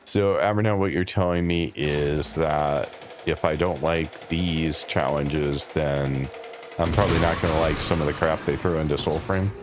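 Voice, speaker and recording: Deep-voiced, wry game streamer. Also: male voice, steady tone, a little slow, background noise. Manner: dry, wry, chatty with chat. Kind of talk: casual live-stream commentary.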